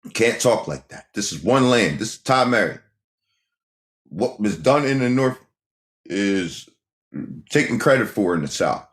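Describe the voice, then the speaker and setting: Emphatic man with a lively, swooping voice. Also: lowish voice, unhurried, pauses often. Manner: emphatic, repeats phrases, fires rhetorical questions at the chat. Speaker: livestream host. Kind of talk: casual livestream monologue. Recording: echoey room sound.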